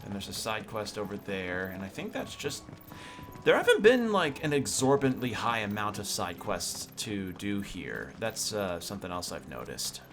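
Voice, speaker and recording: A man's voice: lowish voice, very animated, normal speed, fairly bright tone, a little hiss or hum. A man streaming a video game, commenting casually with sarcastic jokes and rambling asides.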